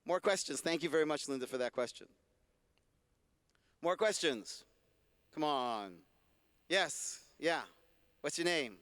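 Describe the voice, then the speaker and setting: This male rabbi's voice is a little high, clear and resonant, with lively intonation and frequent pauses at an unhurried pace in a dry recording. Onstage at a convention hall, he gives a talk and takes audience questions with warm, joking, conversational teaching.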